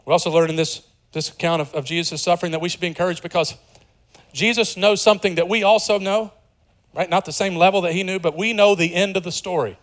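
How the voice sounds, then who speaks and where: Earnest male preacher, hushed to emphatic. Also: high voice, fairly even intonation, quick pace. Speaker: pastor. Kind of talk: sermon.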